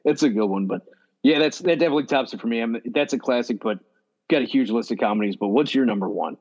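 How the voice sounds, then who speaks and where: A man co-hosting a podcast in casual chat, relaxed, swearing freely and asking questions. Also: medium pitch, fast talker. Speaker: podcast co-host. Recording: dull lo-fi audio.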